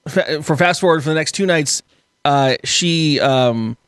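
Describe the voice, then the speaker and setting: A man hosting a podcast, telling a story in an animated, laughing way with casual swearing. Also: a little high, measured pace, clean tone, no room sound, studio quality. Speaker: podcast host.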